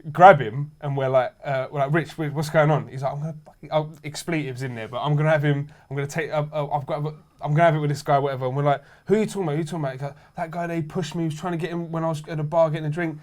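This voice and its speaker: A man's voice: fairly high pitch, very fast, hardly any pauses. A man, a podcast co-host, telling a story in casual chat and laughing through the funny parts. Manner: lively, laughs through his own story.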